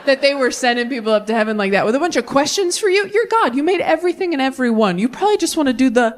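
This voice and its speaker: A woman in her thirties doing a stand-up comedy set on stage into a handheld mic, animated and jumping into mock voices for punchlines. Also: sits high, fast talker. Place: comedy stage with a live audience.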